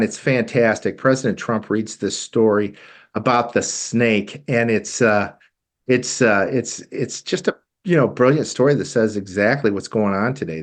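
A man hosting a talk show in a studio, delivering an emphatic, indignant political commentary monologue with frequent halting restarts. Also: lowish voice.

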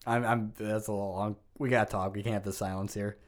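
A man hosting a casual podcast with a somewhat low voice. He talks in a laid-back, dry way and swears casually. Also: fairly even intonation, brisk. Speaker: podcast host. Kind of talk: casual chat.

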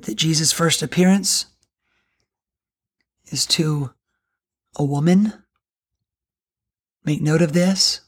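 A woman gives earnest podcast Bible teaching in a husky, lowish voice. She talks slowly and with emphasis, and takes her time reading scripture aloud.

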